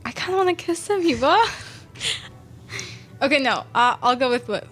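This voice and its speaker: A woman's voice: high-pitched, lively intonation, moderate pace, a bit bright. A young woman guest on a casual radio chat, easygoing, with short replies and frequent laughter.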